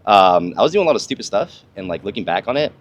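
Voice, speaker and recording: A man's voice: fairly low pitch, big pitch swings, fast talker. A young man, a former soldier, talking casually and profanely on a podcast, rambling through stories with lots of fillers. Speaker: podcast host, army veteran. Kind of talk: casual conversation.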